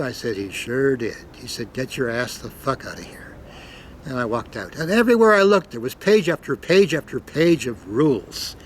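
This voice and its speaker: A man's voice: mid-range voice, fairly bright tone, slight background noise, low-quality recording. An older man from Canada telling stories in a loose, rambling monologue, cursing freely and punching words with sudden emphasis. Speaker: storyteller. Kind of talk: casual spoken monologue.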